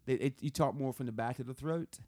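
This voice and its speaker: A chatty man with a Southern US accent who laughs easily and restarts his sentences often. His voice sits at an ordinary pitch. The recording is close and dry, with no room around it. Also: fairly quick, a little mellow, dry recording. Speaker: podcast co-host. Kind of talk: casual chat.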